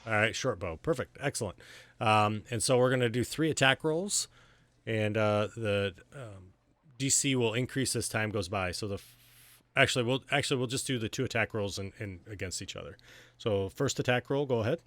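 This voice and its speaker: Bright-voiced male game master. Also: on the low side, normal speed, no echo. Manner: easygoing, many fillers and restarts. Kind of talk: narrating a tabletop game.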